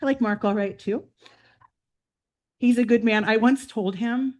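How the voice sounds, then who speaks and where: A woman in her fifties, president-elect of a club, talking casually and warmly through family photos at a meeting, with frequent "um"s. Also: on the high side, a little slow, long pauses. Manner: chatty and heartfelt, with fillers and laughs. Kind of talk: personal slideshow talk to a club meeting. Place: meeting room.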